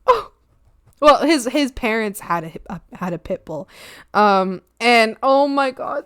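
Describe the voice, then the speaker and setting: A woman's voice: sits high, slow, fairly bright tone, smooth, dry recording, clean studio sound. A young woman chatting casually on her art stream, gushing and giggly, sliding into baby talk. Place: home streaming setup.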